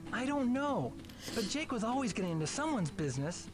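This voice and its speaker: An actor playing a charming, flattering young man in a mystery video game. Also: very high-pitched, brisk. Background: game music.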